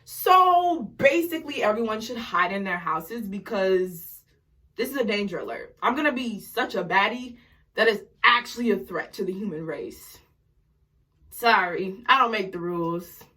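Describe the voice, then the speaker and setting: A young woman of nineteen talks fast and rambles, jittery from coffee. Her voice is bright with a husky edge. She records casually on a phone while getting ready at home. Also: mid-range voice. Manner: excited, rambling, fast-talking. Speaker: vlogger. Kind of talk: casual vlog chat.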